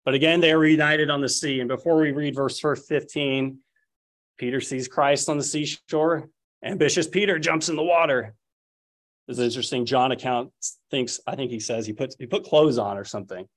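A man's voice: medium pitch, steady tone, normal speed. A man preaching a sermon, telling the story and acting out the lines he quotes. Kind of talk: expository sermon.

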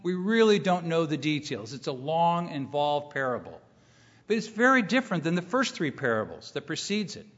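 A middle-aged male preacher with a slightly high voice delivers a sermon with emphasis, circling back on key phrases. His voice rings out in a large reverberant hall. The recording is muffled and dull. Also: sing-song, normal speed, fairly bright tone. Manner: emphatic, repeats key phrases, rises when quoting scripture. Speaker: pastor.

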